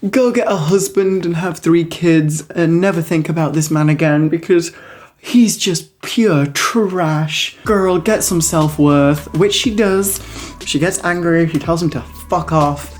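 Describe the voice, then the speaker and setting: Young woman, low voice, snarky vlog reviewer, mocking and profane. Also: measured pace, a little mellow, faint music behind. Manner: snarky, mocking, peppered with swearing and "like". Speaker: movie reviewer. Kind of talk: casual sarcastic review vlog.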